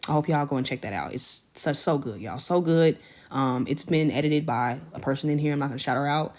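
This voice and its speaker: A woman with a fairly low voice hosts a casual livestream. She talks effusively in loose slang, greeting viewers by name and shouting them out. Now and then she leaps up high when something excites her. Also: fast. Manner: jumps to high excited pitch when celebrating. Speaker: livestream host.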